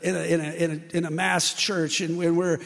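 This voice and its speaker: Middle-aged male pastor, gravelly, storytelling sermon, reverberant sanctuary. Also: fairly high pitch, a little fast. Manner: animated storyteller, acts out quoted voices.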